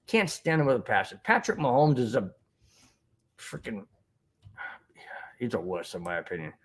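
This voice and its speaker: A man's voice: medium pitch, big pitch swings, normal speed. A man hosting a fan podcast, ranting with indignation and rambling with repeated phrases and restarts while he reads chat comments. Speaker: podcast host reading live chat. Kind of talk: heated sports recap with chat.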